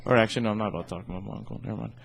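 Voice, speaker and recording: A man's voice: lowish voice, fairly even intonation, rapid-fire, creaky, husky. Rambling, swearing young man telling stories. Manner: rambling storyteller, heavy swearing and fillers. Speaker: podcast co-host. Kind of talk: casual chat.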